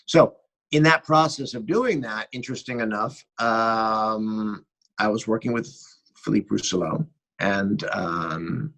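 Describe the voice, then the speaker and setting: A middle-aged American man, a guest cinematographer, tells animated behind-the-scenes stories in a casual interview and acts out bits of dialogue. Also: on the low side, slow pace, low-quality recording. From United States. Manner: animated anecdotal storyteller who acts out dialogue.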